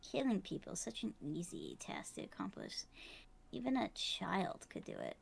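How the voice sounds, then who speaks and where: A woman voicing a cunning, smug female murderer with a gravelly, evasive, taunting manner. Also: on the low side, huge pitch swings, moderate pace, heavily acted. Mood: relishing. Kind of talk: voicing game dialogue.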